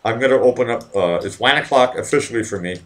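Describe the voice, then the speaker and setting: A man with a mid-range, expressive voice talks at a quick pace, with a little hiss or hum audible. He hosts a live stream in a casual, rambling, profane way, reading viewer comments, sometimes doing silly voices, and getting easily distracted.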